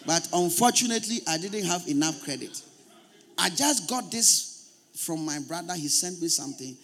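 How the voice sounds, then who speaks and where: A man's voice: fairly high pitch, a bit bright, natural voice. A man voicing a sweet, pleading young woman on a phone call, coaxing and apologetic.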